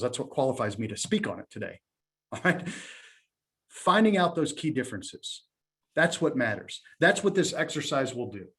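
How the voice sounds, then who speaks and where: A middle-aged man giving a sales presentation, telling a story with lively quoted dialogue. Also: on the high side. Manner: animated storytelling, quotes others in his own voice. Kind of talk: conference talk with acted dialogue.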